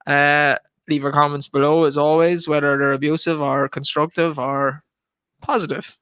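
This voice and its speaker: A young Irish man with a bright, smooth voice chats his way through a podcast, filling pauses with "uh" and ribbing his co-hosts. He sits a touch above the usual male pitch, and the sound is dry and close. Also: level tone, no room sound. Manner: chatty, teasing, swears casually, lots of filler "uh". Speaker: podcast host. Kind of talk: casual chat.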